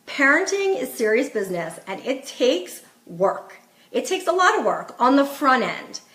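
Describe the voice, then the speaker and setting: Woman, middle-aged, parenting coach, casual and emphatic, fairly high voice, echoey room. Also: fairly bright tone. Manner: emphatic, instructive, quotes herself to her kids. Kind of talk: casual live-stream talk to viewers.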